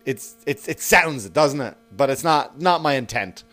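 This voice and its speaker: A man hosting his own podcast, telling a story in a casual, profane, animated monologue. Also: medium pitch, moderate pace. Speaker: podcast host.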